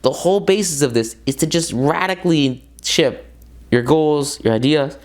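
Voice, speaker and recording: A man giving a casual motivational book commentary, excitable and emphatic, repeating words for stress and talking straight to his viewers with loose, rambling asides. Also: a little high, moderate pace. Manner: loose and rambling, with many fillers and side tangents. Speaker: self-help book reviewer.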